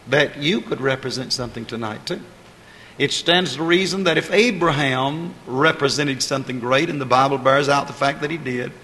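A male preacher with a slightly high voice gives a sermon that moves from measured explanation to fervent emphasis. His voice rings through a hall with a long reverb tail. Faint ambient noise sits underneath. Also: a bit bright.

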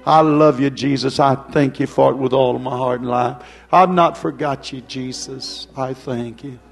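A male preacher delivering a fervent revival sermon, swinging from loud cries to hushed prayer. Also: mid-range voice, steady tone, moderate pace, creaky, faint music behind.

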